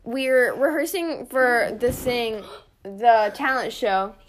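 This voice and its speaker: A young woman co-hosting a podcast, telling a story in an animated, giggly way and acting out the quotes, talking close into a phone. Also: on the high side, slow pace, a little hiss or hum. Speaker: podcast co-host. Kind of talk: casual storytelling chat. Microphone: phone held close.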